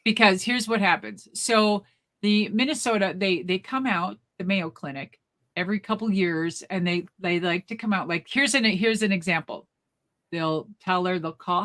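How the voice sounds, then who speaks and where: A woman co-hosting a live show, telling a rambling, animated family story in casual chat. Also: mid-range voice, moderate pace. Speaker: co-host.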